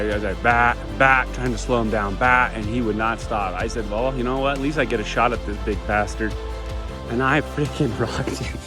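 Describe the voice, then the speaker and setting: A man telling his hunt story outdoors in remote mountain country, excited and emotional, swearing freely in casual vlog talk. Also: medium pitch. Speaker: hunter filming himself.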